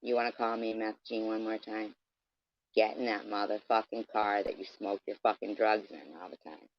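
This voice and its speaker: A man's voice: lowish voice, flat delivery, moderate pace, no room sound. A man delivering an aggressive, profane, taunting rant straight at his camera. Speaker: vlogger. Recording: dull lo-fi dry sound.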